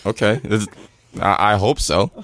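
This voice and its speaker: Deep-voiced man teasing on a sports podcast. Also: measured pace, fairly bright tone, dry recording. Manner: dry, teasing. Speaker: podcast co-host. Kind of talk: casual sports podcast chat.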